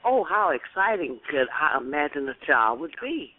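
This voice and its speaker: A woman calling into a talk show, speaking earnestly with halting restarts and pressing questions. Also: low voice, sing-song, no echo. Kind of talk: casual talk show chat. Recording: dry tinny phone line.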